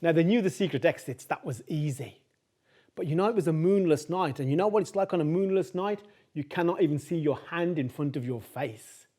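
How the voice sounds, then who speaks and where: A man telling a folk tale aloud in a chatty, animated way, talking straight to his listeners and repeating phrases for rhythm. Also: fairly high pitch, fairly quick. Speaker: storyteller. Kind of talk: oral folk-tale storytelling.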